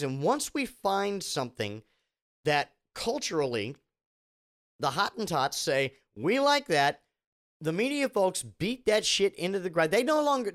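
Animated, high-voiced ranting man. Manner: animated, sarcastic, rambling with restarts. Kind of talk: comedic rant.

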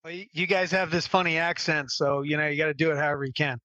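Guy pitching health advice, bright forceful voice, dull lo-fi sound, dry. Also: fairly even intonation, fast. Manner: emphatic, persuasive lecturing. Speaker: guest, optimal health strategist. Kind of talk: podcast interview talk.

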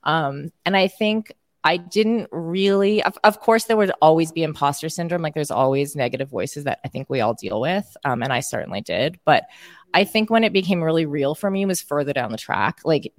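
A Canadian woman in her forties with a Canadian accent, chatting as an interview guest, animated, laughing often and filling with "like" and "um". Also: low-pitched, dry recording, studio quality. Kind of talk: casual interview chat.

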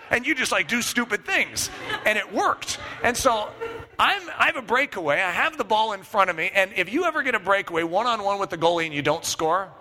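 A man's voice: high voice, bright, forceful tone, big-room sound, a little hiss or hum. A man preaching a sermon, telling a personal story with self-mocking humor and checking in with the congregation. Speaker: pastor.

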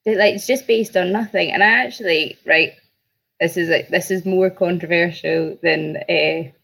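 A woman on a podcast, telling anecdotes in a lively, chatty way. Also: on the low side, moderate pace, creaky, rough recording. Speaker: podcast guest. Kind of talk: casual podcast chat.

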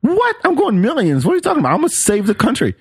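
A man's voice: extremely high pitch, huge pitch swings, racing, breathy edge, no room sound, clean studio sound. A male podcast host in a casual chat, teasing his guest with joking questions.

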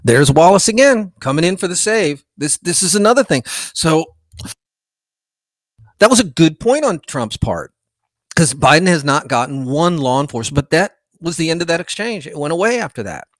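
A man's voice: a little high, big pitch swings, moderate pace, no room sound, studio quality. A male podcast host giving frustrated, rambling political commentary.

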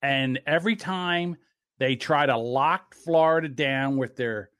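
A man co-hosting a podcast, ranting in a casual, profane and animated way. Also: medium pitch, unhurried, no echo, studio quality. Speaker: podcast co-host. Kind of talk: casual political podcast chat.

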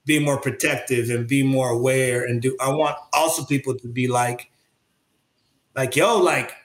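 A man's voice: medium pitch, steady tone, moderate pace. A man speaking earnestly as an interview guest, searching for his words with many fillers and restarts in reflective conversation. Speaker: interview guest, creative artist. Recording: roomy echo.

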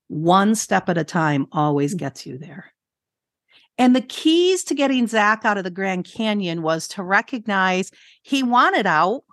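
A woman's voice: mid-range voice, fairly bright tone, no room sound, studio quality. A middle-aged woman, an educator and podcast co-host, tells a family story in a casual, earnest way and repeats her key phrases for emphasis.

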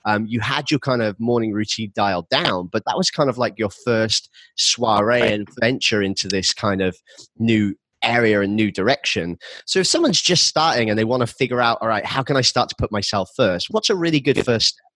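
A man's voice: lowish voice, animated, brisk, fairly bright tone, no echo, poor audio. Earnest male podcast host, dry sound. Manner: earnest, candid. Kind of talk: conversational interview.

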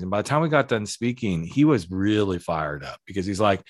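A man's voice: lowish voice, expressive, brisk, hardly any pauses, dry recording, studio quality. A man hosting a conversation, a speaking coach who tells stories and acts out the quoted dialogue. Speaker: podcast host and speaking coach. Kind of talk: casual conversational interview.

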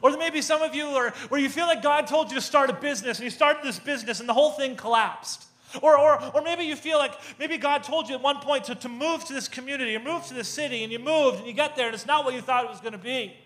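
A man preaching a sermon, telling a story with animated, self-mocking humor and acting out the voices in it. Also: very high voice, quick pace. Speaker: pastor.

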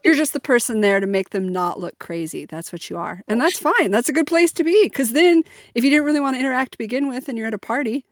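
A woman's voice: a little high, lively intonation, quick pace, few pauses, dry recording, studio quality. A woman co-hosting a casual podcast, talking bluntly and confidently and swearing freely. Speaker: podcast co-host.

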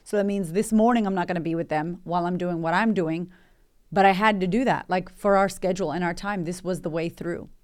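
Aussie woman podcast host, lowish voice, blunt chatty pep talk, swears a bit. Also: fairly even intonation, a little fast. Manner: candid, emphatic, chatty with swearing. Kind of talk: motivational podcast monologue.

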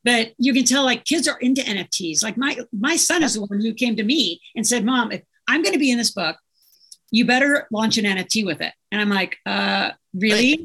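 A woman's voice: fairly high pitch, lively intonation, fairly quick, fairly bright tone, slightly rough. Enthusiastic woman telling stories. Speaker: guest author. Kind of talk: casual interview chat.

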